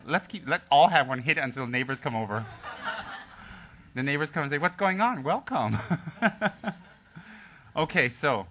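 A man with a mid-range voice gives his group a Dharma teaching, joking early on and then relating a story softly and calmly with many pauses and restarts. A faint hiss or hum runs under the recording.

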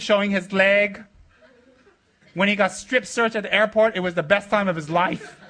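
A man with a fairly high voice leads a loose, teasing talk to his students. His tone is bright and forceful, and he keeps joking, laughing and coaxing the room with questions. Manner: joking and playfully rude, laughing often, bursts of loud excitement. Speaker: spiritual teacher addressing his students. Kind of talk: teasing, rambling talk to a group.

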